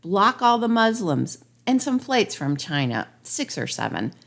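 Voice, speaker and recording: A woman's voice: medium pitch, very animated, a little slow, vocal fry, fairly bright tone, exaggerated voice. A woman voicing a sour, boastful male leader in a rhyming storybook parody, talking in a scornful, dismissive way.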